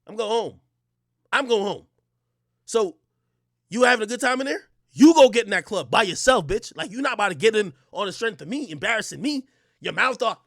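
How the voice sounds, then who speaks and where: A man streaming, telling a story in a profane, animated rant and shouting at its peaks. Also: high voice, brisk, no room sound, clean studio sound.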